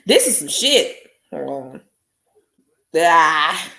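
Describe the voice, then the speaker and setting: A woman's voice: a little high, lively intonation, takes it slowly, fairly bright tone. A woman hosting a live stream, ranting angrily and bluntly with profanity while greeting chat viewers. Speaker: podcast host. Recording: echoey room.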